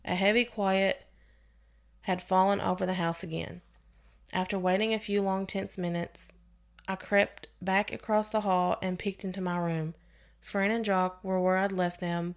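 A woman's voice: fairly low pitch, little pitch movement, moderate pace. A woman hosting a podcast, reading a scary story aloud with expression and sometimes restarting a phrase. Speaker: podcast host reading stories.

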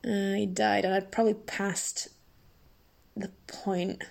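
A woman's voice: mid-range voice, level tone, slow, creaky. Rambling sleep-deprived woman in her twenties. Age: 20s. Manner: rambling, self-mocking, dramatic asides. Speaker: podcast host. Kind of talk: solo casual rant.

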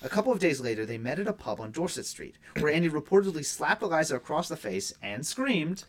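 A man co-hosting a casual true-crime podcast, reading case notes aloud with quick asides. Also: on the high side, sing-song. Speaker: podcast co-host.

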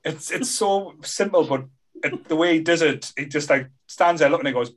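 A man hosting a casual podcast chat, relaxed and affirming, chuckling often. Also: a little high, normal speed. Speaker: podcast host.

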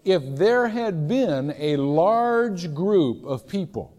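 A man from Ohio preaching a sermon in a casual, storytelling way, with occasional loud shouted impressions. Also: high voice, very animated, takes it slowly. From Ohio, USA. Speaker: pastor. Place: large church sanctuary. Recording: church hall reverb.

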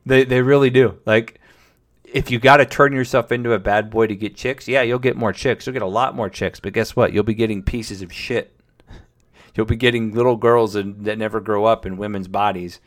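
A young man with a lowish voice talks casually to his live chat, handing out dating advice. He is blunt and swears freely, speaking straight at the viewer. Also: fairly even intonation, normal speed. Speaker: livestream host.

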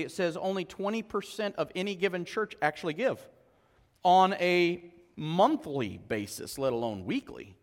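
A man preaching in a church sanctuary, his voice strikingly high and bright, carried by a long hall reverb. He talks to the congregation conversationally, firing off rhetorical questions and swinging between loud emphasis and quiet, low asides. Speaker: pastor. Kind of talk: sermon.

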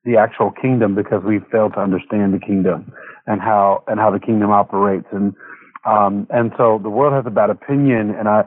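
Male guest, reflective and halting, phone-quality audio. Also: fairly low pitch, steady tone, dry recording. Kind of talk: casual faith conversation. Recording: tinny phone line.

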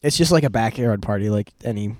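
A man's voice: lowish voice, fast, dry recording, clean studio sound. A man in his twenties telling a rambling story on a casual podcast, full of fillers and restarts. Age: 20s. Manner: rambling, lots of fillers and restarts, laughs often. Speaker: podcast host.

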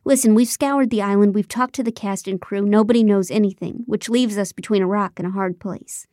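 A woman reading a brisk, confident TV executive. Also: mid-range voice, warm tone, no room sound, clean studio sound, lightly acted. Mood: businesslike. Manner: composed, businesslike, insistent.

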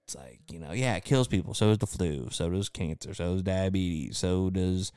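A man chatting on a podcast, swearing and laughing a lot, slipping into mocking voices when quoting others. His voice sits fairly low and sounds smooth and clear. The sound is dry and close. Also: normal speed, dark tone, no room sound. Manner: profane, laughing, mimics people in put-on voices. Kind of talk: casual chat.

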